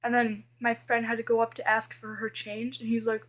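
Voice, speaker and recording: A woman's voice: a little high, flat delivery, moderate pace, breathy edge. A teenage girl vlogging casually, chatty and full of fillers, complaining about things that annoy her. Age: teens. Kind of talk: casual list vlog.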